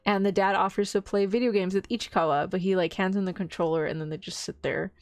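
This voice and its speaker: A woman's voice: medium pitch, steady tone, fast, dry recording. A young woman streamer chatting casually and rambling, often giggling. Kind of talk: casual chat.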